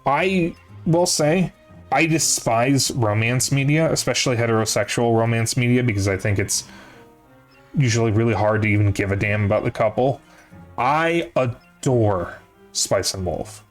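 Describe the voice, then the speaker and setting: A man's voice: medium pitch, moderate pace. Young guy rambling on stream, mid voice, bit of music going underneath. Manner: rambling, self-correcting, casually profane. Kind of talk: casual chat to a live chat. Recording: faint music behind voice.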